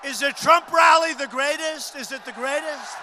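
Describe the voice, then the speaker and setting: A man giving a loud, emphatic rally speech to a big crowd, repeating short phrases. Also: normal speed, noisy background. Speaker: political candidate at a rally. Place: large arena rally. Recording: booming reverb of a big arena.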